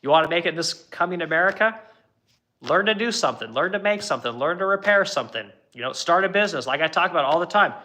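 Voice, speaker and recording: Blunt, bright-voiced middle-aged man ranting. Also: a little high, animated, fast talker. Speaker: furniture business owner. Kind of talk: livestream chat with viewers.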